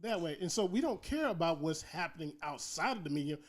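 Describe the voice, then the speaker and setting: A man's voice: a little high, expressive, a little fast. A man co-hosting a casual podcast chat, making emphatic points with rhetorical build-ups. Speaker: podcast co-host.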